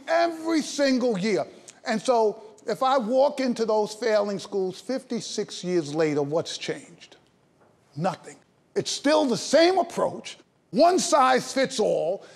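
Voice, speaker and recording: An invited speaker in his sixties gives a passionate, emphatic talk on stage to a live audience, blending jokes with indignation. His voice is extremely high-pitched and creaky.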